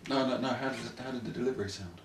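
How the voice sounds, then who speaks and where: A man's voice: mid-range voice, very fast, a little hiss or hum. A man co-hosting a casual comic chat, prompting his partner and breaking into wry, theatrical rants. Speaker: co-host. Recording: roomy echo, distant mic.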